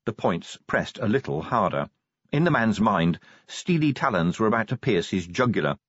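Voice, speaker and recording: A man reading a novel aloud as an audiobook narrator, in a wry, measured storytelling manner. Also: lowish voice, very animated, husky, no room sound, muffled recording. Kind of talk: scripted narration.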